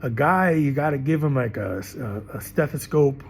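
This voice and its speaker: A man's voice: medium pitch, animated, normal speed, gravelly, slight background noise. A middle-aged man teaching in an emphatic, rambling monologue, often repeating himself. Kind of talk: impassioned monologue to camera.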